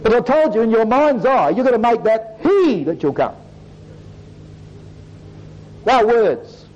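A high-voiced man preaching, his pitch swooping widely from low murmurs to lifted peaks. He delivers the sermon in a rhythmic preaching cadence. The recording is dull and lo-fi, with the top end muffled. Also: a little mellow, a little hiss or hum. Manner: rising and falling preaching cadence, repeated "brothers and sisters".

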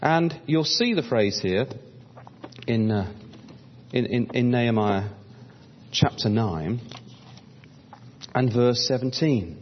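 Lively preacher in an echoing hall. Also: male voice, medium pitch, slow, pauses often, slight background noise. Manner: addresses listeners as brothers and sisters; reads scripture aloud in old-fashioned wording. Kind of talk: Bible-study sermon. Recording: dull lo-fi recording in a reverberant hall.

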